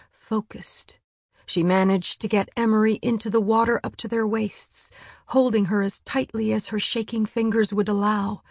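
A woman narrating an audiobook in a hushed, measured storytelling voice. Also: medium pitch, husky, no echo. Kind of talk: scripted narration.

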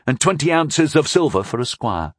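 A man voicing a male interpreter who relays a message in a measured, matter-of-fact way. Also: a little high, very animated, a bit bright, no echo, clean studio sound, voice pushed up.

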